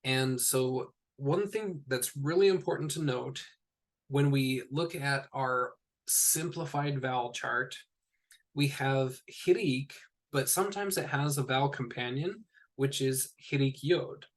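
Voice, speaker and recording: A man teaching a recorded lesson in a relaxed, explaining way, with fillers and small asides. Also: mid-range voice, slow.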